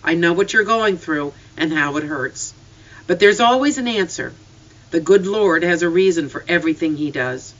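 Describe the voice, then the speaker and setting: A firm but kindly rural father, voiced by the storyteller, speaking in a calm, measured way. The voice is bright. The recording is a little far off and muffled. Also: mid-range voice, close to an everyday voice. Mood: steady. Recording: slightly distant, dull lo-fi.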